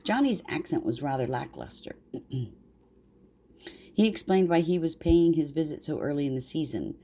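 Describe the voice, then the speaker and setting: An older woman reading a bedtime story aloud to her grandchildren in a warm, unhurried way. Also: sits low, animated.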